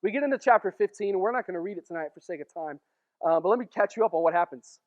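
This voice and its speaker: A young man giving a casual sermon to a youth group, telling the story with jokes and quick acted asides. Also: high-pitched, highs cut off. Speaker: youth pastor.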